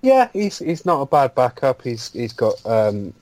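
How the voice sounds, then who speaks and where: A man's voice: mid-range voice, sing-song, a little slow, a little mellow, rough recording. Guy chatting about football, keeps restarting his words. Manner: hesitant, repeats words, makes puns. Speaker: podcast co-host. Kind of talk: casual chat.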